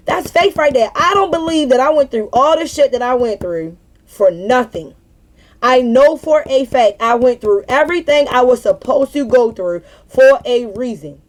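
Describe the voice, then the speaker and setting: A woman's voice: high voice, animated, normal speed. A young woman venting in an unscripted spiritual monologue, blunt and profane, preaching with repeated emphatic phrases. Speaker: spiritual vlogger.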